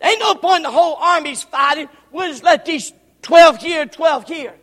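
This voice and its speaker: A man preaching who voices a proud, combative army commander, shouting his challenges in an echoey hall. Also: very high voice, moderate pace. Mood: challenging.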